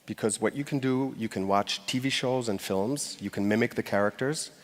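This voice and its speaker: On stage at a conference, a man speaks straight to the live audience in a conversational way, using a mid-range voice at normal speed. Long reverb from the hall fills the recording.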